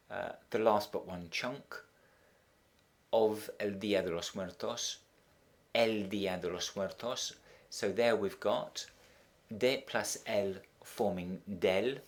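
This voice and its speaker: A middle-aged man teaching Spanish, walking through a translation step by step with frequent ums and restarts. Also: deep voice.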